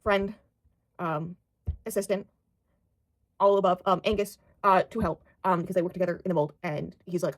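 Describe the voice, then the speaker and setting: A woman's voice: fairly low pitch, steady tone, moderate pace, long pauses. A young American woman chatting casually about books, rambling with lots of fillers and casual swearing. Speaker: book vlogger. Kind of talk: casual book chat.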